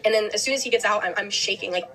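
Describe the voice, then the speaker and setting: A young woman hosting a podcast, telling a personal story quickly with lots of "like" and restarts. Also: medium pitch, sharp tone, rough recording. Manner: fast, heavy use of "like", restarts. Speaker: host.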